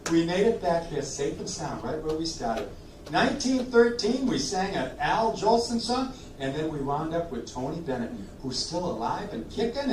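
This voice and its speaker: Male sing-along host, jokey patter between songs, animated, roomy distant recording with instruments. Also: a little high. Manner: jokey, chatty, coaxes the audience to sing. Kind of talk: live oldies sing-along show with banter. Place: community room at a senior living residence.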